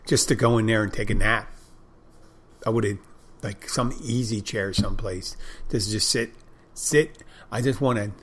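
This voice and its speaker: A man hosting a podcast, talking in a casual, rambling monologue, blunt and swearing freely, often restarting and repeating himself. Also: mid-range voice. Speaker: podcast host.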